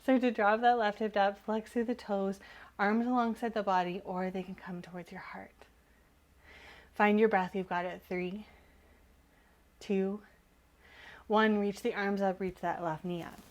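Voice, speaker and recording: A woman instructor giving calm, encouraging yoga cues while moving, slightly out of breath. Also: mid-range voice, unhurried. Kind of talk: guided yoga class cues.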